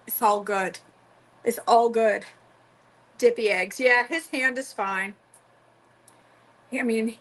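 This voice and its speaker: A woman's voice: on the high side, a bit bright, poor audio. A middle-aged woman chatting casually while cooking in her home kitchen, teasing viewers by name. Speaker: cooking vlogger.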